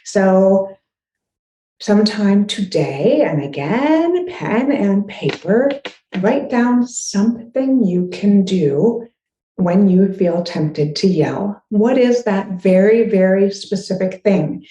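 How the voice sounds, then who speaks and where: A woman's voice: medium pitch, expressive, takes it slowly, dark tone, reverberant, poor audio. A woman parenting coach giving encouraging advice straight to the listener. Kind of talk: direct-to-camera advice talk.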